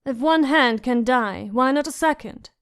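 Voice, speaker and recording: A woman's voice: sits high, a little slow, fairly bright tone, clean tone. A woman reading an audiobook, voicing a fat foreign merchant with a liquid accent and a coaxing manner. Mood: scheming.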